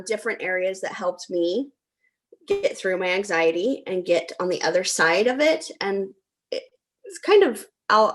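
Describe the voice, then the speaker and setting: A woman's voice: on the low side, fairly bright tone. A middle-aged woman hosting a talk, telling a personal story in a chatty way with frequent ums. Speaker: host.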